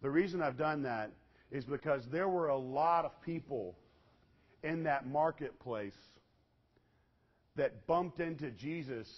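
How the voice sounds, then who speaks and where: A man preaching a sermon, telling the story in an animated way with sudden loud bursts and hushed low passages. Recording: dull lo-fi recording.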